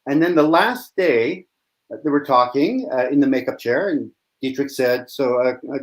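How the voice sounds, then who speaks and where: A man, an improv comedian, tells an anecdote on a video call in a dry, halting way full of "uh"s. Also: medium pitch, rough recording. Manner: dry, halting storyteller with many fillers. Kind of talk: casual video-call chat.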